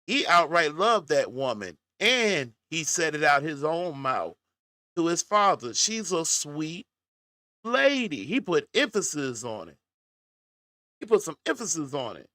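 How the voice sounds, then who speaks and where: Man, commentary host; slow, bright, lively delivery, folksy and direct to camera. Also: on the high side, no echo, studio quality. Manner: folksy, talks straight to his audience. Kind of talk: casual reaction commentary to viewers.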